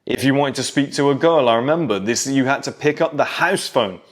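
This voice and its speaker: A man's voice: medium pitch, a little fast. A man in his thirties talking straight to young men, telling nostalgic stories from his childhood in a casual monologue. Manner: storytelling, nostalgic, direct address to young men. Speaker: self-improvement creator.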